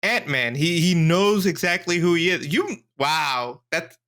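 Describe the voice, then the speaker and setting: A man co-hosting a casual podcast chat, playful and excitable, firing off questions. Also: on the high side, unhurried. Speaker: podcast co-host. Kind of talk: casual chat, reacting to a trailer.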